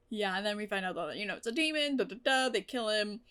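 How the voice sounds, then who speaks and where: A woman's voice: mid-range voice, expressive, fast, few pauses, bright, forceful tone, clean tone. A woman reacting to a TV episode in casual commentary, gushing and emotional, swearing freely. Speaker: TV reaction vlogger.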